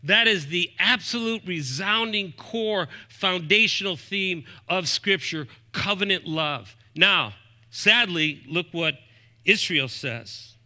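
A man in his fifties preaching a sermon as pastor, emphatic, moving between raised points and soft asides, quoting scripture references. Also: sits high, takes it slowly. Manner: often quotes scripture references aloud.

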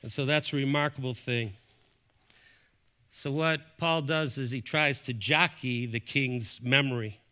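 A middle-aged man from Buffalo, New York, preaching a sermon, his voice rising and dropping sharply as he makes his points. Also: a little slow. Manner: animated preaching, rising and falling in pitch and volume. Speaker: pastor.

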